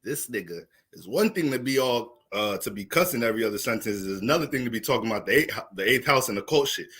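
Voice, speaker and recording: A young man casually talking through an astrology livestream, profane and animated, laughing often. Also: mid-range voice, fast, slightly rough.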